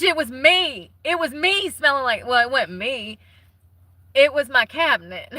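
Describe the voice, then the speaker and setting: This is a woman rambling bluntly to her camera from inside the car she lives in, cursing freely. She sounds slightly out of breath. Her voice is bright and sits a little high. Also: dry recording, low-quality recording. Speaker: vlogger. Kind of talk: casual chat.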